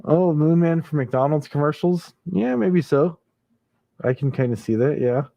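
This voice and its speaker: A man's voice: fairly high pitch, animated, unhurried, gravelly, dark tone, no echo. Chuckling man hosting a late-night stream. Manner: chuckles often, reads chat comments aloud. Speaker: livestream host. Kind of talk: casual chat reacting to viewer comments.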